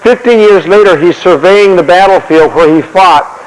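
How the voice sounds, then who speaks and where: In a sermon-style history talk, a man preaches with animation, frequently repeating and restarting words. His voice is high-pitched at a moderate pace, and a long hall reverb trails behind it.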